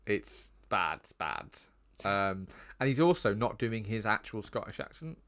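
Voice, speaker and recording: A man's voice: fairly low pitch, big pitch swings, a little slow, fairly bright tone, slight background noise. A British man co-hosting a casual film chat, rambling on with lots of ums and likes. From Britain. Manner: chatty, rambling with frequent ums. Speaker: podcast co-host.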